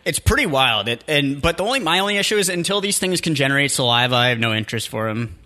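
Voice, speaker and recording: A young man co-hosting a podcast, talking in halting starts and restarts with dry, crude humor. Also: a little high, big pitch swings, bright, forceful tone. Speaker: podcast co-host. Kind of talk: casual comedic podcast chat.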